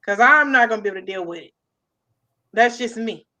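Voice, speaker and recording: A woman's voice: on the high side, animated, brisk, pushed and bright. A young adult woman co-hosting a casual chat, playful and slangy, with big laughs. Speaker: podcast co-host. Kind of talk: casual banter.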